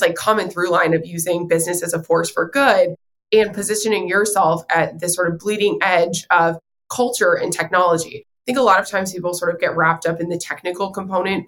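A woman's voice: lowish voice, a bit bright. Enthusiastic woman podcast co-host. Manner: enthusiastic, complimentary. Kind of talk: interview questions.

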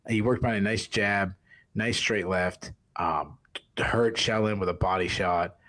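Boston-accented male podcast co-host, lower pitch, rambling casual fight talk. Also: measured pace, fairly bright tone. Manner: rambling, many restarts and fillers. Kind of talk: casual fight analysis chat.

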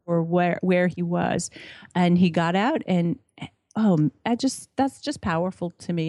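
A woman's voice: lowish voice, dark tone, dry recording, studio quality. A middle-aged woman, a podcast guest, chatting enthusiastically and often restarting her sentences. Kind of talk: casual interview chat.

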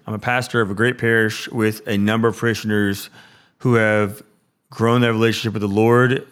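Enthusiastic pastor hosting a talk show. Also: male voice, on the low side. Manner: warmly enthusiastic, affirming. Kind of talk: hosting a faith interview show.

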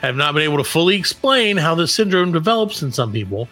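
A man's voice: on the high side, very animated, fast, bright, forceful tone, faint music behind. A man co-hosting a podcast, recapping a news story in casual comedic chat with goofy asides. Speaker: podcast co-host.

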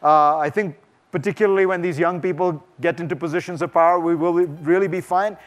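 A man's voice: fairly high pitch, fairly even intonation, fairly quick, soft background music. A man giving a conversational, emphatic festival talk and taking audience questions, often restarting his sentences. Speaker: guest speaker. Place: lecture hall before an audience.

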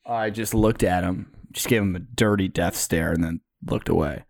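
A young man, co-hosting a podcast, telling stories in a casual, animated way. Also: low-pitched, normal speed, vocal fry, no room sound. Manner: storytelling, animated retelling with put-on quotes. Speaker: podcast co-host. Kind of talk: casual chat.

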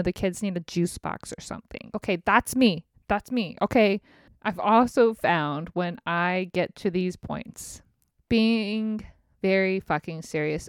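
A woman talking candidly about a rough day, rambling, swearing freely and laughing at herself as she goes. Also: fairly low pitch, no echo, studio quality. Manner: profane, frank and self-mocking; rambling, laughing through her words. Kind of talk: candid personal rant.

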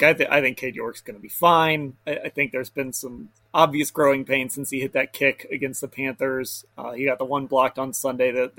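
A man's voice: mid-range voice, a bit bright, no room sound. A man on a casual sports panel, speaking with many stammered restarts.

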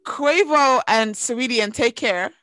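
A woman's voice: a little high, measured pace, sharp tone, no echo. A woman, co-hosting a podcast in casual chat, animatedly retelling gossip and acting out quotes. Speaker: podcast co-host.

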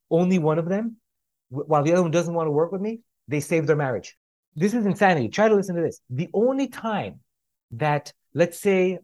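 A man speaking as a life coach on a podcast, emphatic and repetitive, slowing down to stress his key points. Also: on the high side, darkish tone. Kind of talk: motivational podcast talk.

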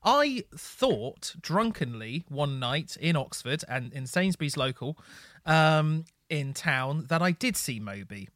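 A man hosting a casual podcast, telling self-mocking stories. His pitch moves around a lot and sits a little high. The sound is dry, with no room echo. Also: very animated, takes it slowly, fairly bright tone. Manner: self-deprecating, apologetic storyteller. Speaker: podcast host. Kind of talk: casual chat.

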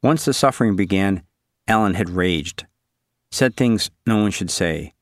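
A man narrating a literary story in a measured, wry, inward way. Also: low-pitched, lively intonation, no echo, studio quality.

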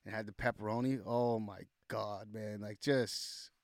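A young man, a rapper guest on a podcast, telling stories in a loose, animated way, full of fillers and acted-out quotes. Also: lowish voice, a little slow, dry recording, studio quality. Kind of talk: casual podcast storytelling.

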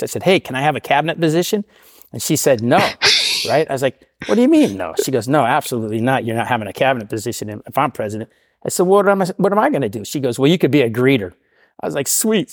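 A middle-aged man tells a personal story at a quick clip and puts on the voices of the people in it. The recording is dry and close, with no room sound. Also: medium pitch, no room sound. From Portland, Oregon area. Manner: animated storyteller, acts out quoted voices. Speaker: guest sharing recovery story. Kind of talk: casual storytelling.

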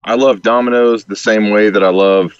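A man from Alabama with a Southern accent, a guest speaking haltingly with many restarts over a call. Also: lowish voice, fairly even intonation, clear, resonant tone. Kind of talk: casual interview over a call. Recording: dull call audio, dry.

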